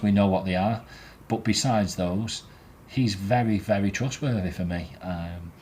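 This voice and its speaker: A man's voice: sits low, darkish tone, a little hiss or hum. A man, host of a fan show, rating players in a blunt, sweary and opinionated casual chat. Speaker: football fan podcast host.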